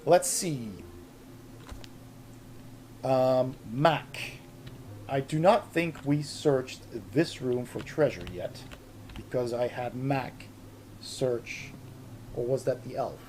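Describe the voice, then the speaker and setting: A man's voice: mid-range voice, slow pace, long pauses, a little mellow, a little hiss or hum. A man with a Dutch accent, a native Dutch speaker from the Netherlands, chatting casually and laughing often while he streams a board game. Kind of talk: casual gaming stream chat.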